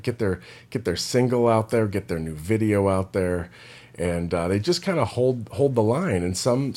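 A man with a lowish voice talks through a relaxed, meandering vlog. His thoughts wander freely and he leans heavily on "like". He sounds unhurried and personal. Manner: loose and meandering, heavy use of "like". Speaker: indie rock singer and vlogger. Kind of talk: casual rambling vlog chat.

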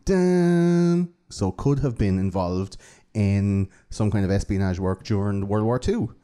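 Dublin man co-hosting a podcast, low and mellow, lively swearing storyteller. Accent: Irish, Dublin. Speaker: podcast co-host. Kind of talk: casual chat.

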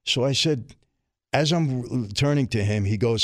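A man's voice: mid-range voice, unhurried, no room sound. A middle-aged man, a guest in a studio interview, telling his story candidly and acting out the dialogue. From New York. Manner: streetwise, vivid, acts out dialogue.

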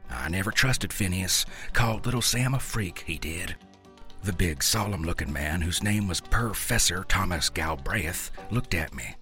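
A man's voice: sits low, expressive, normal speed, pushed and bright, faint music behind. A man reading a first-person story aloud in a folksy, drawling rural dialect. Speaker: narrator.

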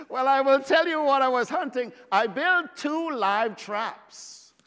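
A man from Trinidad and Tobago, preaching a sermon with dramatic pauses and stretched words and joking with the congregation. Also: very high voice, animated, a bit bright, big-room sound.

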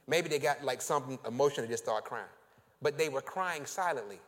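A male pastor preaching a sermon, leading his congregation in call and response with slow, drawn-out emphasis. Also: mid-range voice, a bit bright. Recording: long reverb of a church hall.

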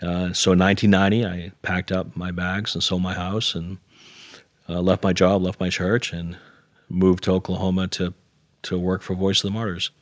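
Middle-aged guy with a very low voice telling his story, earnest, pokes fun at himself, dry close sound. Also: level tone, normal speed, no room sound. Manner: earnest, self-deprecating, quotes others in dialogue. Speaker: interview guest. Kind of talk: conversational storytelling.

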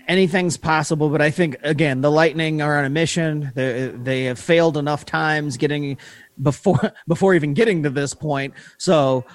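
Hedging casual hockey pundit, dry sound. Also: male voice, a little high, moderate pace, no echo. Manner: hedging, repeats words. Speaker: podcast co-host, hockey analyst. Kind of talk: casual chat.

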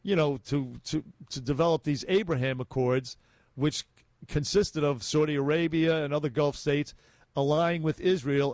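A man's voice: fairly high pitch, a little mellow, no room sound. A man hosting a talk radio show, giving emphatic commentary full of restarts and fillers. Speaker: radio host.

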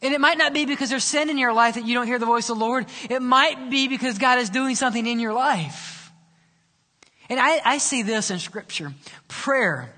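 Bright-voiced man preaching in a reverberant church. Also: very high-pitched. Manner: impassioned preaching, dropping to a hush at times. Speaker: pastor. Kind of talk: sermon. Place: church sanctuary. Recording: hall reverb.

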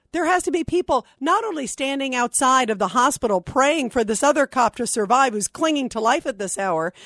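A woman's voice: high-pitched, a bit bright, dry recording. A woman hosting a call-in talk radio show, speaking in an impassioned, outraged and emphatic way into a studio microphone. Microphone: studio microphone, dry.

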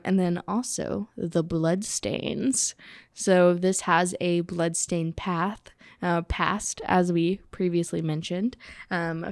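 A woman's voice: fairly low pitch, dry recording, clean studio sound. A woman co-hosting a podcast, chatting playfully with lots of fillers. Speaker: podcast co-host. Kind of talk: casual chat.

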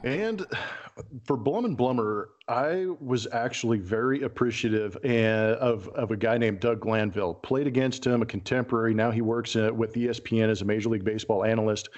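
A man's voice: medium pitch, fairly quick. A man who used to play pro baseball, co-hosting a podcast and telling dugout stories in easygoing casual chat. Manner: relaxed, laughs easily, shouts out the manager's lines. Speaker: former baseball player, podcast co-host. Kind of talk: casual sports storytelling.

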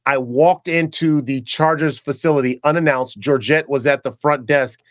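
A man's voice: medium pitch, moderate pace, no room sound, clean studio sound. A man, a former pro football player turned broadcaster, tells stories in a casual interview and acts out the dialogue he quotes. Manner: animated storyteller who acts out quoted dialogue, with frequent restarts.

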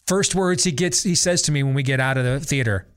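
A man's voice: mid-range voice, a little fast, smooth. A middle-aged man hosting a talk show, ranting sarcastically in a casual monologue and mimicking voices. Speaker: radio talk show host.

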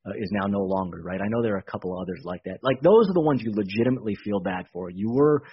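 Husky-voiced man on muffled radio. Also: lowish voice, animated, quick pace. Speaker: baseball team executive guest. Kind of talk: casual radio interview.

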